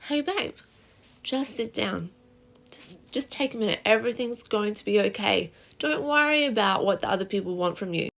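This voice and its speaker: A woman's voice: fairly high pitch, lively intonation, normal speed, fairly bright tone. A woman acting out a patient, reassuring husband in a relationship vlog. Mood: soothing. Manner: soothing, patient. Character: calm reassuring husband, adult man.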